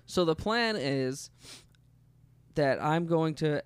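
Joking podcast co-host, higher voice. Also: male voice, expressive, slow pace, clear, resonant tone, no echo. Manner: joking, sarcastic, laughs often. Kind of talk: casual chat. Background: faint guitar playing.

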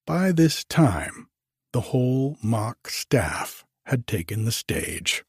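A man narrating an audiobook in a measured, even way. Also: medium pitch, husky, no echo, clean studio sound.

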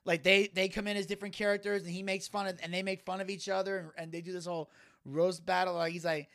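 A man's voice: high-pitched, fast. A man co-hosting a podcast, chatting casually and acting out voices as he retells a funny video, laughing often. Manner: animated storyteller, acts out voices while retelling. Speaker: podcast co-host. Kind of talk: casual chat.

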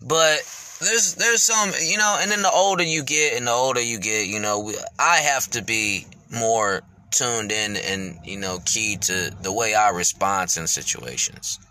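A man's voice: lowish voice, measured pace, pushed and bright. A man hosting his podcast, speaking candidly and reflectively, rambling with lots of fillers and casual swearing. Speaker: podcast host.

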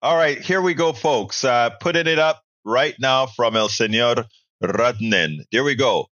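A man's voice: medium pitch, measured pace, fairly bright tone, dry recording, highs cut off. A man hosting a political talk show, chatty and upbeat as he reads viewer comments. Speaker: host.

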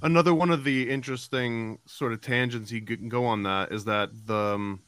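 A man's voice: medium pitch, fairly even intonation, moderate pace, fairly bright tone, clear, resonant tone. A man hosting a podcast interview, asking long rambling questions full of fillers. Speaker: podcast host.

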